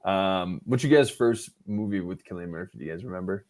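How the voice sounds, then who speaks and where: A man co-hosting a podcast in casual chat, retelling events in an animated way and acting out what people said. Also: low voice, brisk. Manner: animated storytelling, acting out quotes. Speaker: podcast co-host.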